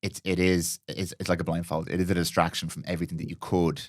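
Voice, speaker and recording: Quick-talking deep-voiced man reflecting. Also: flat delivery, dry recording, studio quality. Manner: quick, reflective, personal storytelling with restarts. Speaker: podcast host. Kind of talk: casual interview chat.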